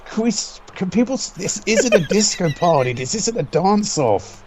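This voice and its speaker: A man's voice: high-pitched, big pitch swings, moderate pace, noisy background. A man doing joking, casual play-by-play commentary, sarcastic and swearing freely.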